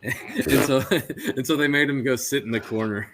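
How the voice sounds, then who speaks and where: A man in his thirties chats on a podcast, spinning stories with a lively, animated delivery and frequent laughter. His voice sits in a middle register. A faint hiss runs under the recording. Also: medium pitch, normal speed. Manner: animated, laughs often while telling stories. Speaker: podcast co-host. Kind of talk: casual chat.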